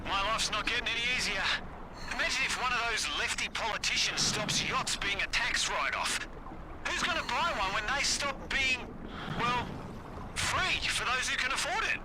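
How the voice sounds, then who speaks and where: An actor playing a smug, mercenary yacht captain in a video game, delivering mission briefings with dry sarcastic wit. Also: male voice, extremely high pitch, normal speed, noisy background. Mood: wry. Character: smug man, yacht captain, wry and greedy. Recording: game audio with music underneath.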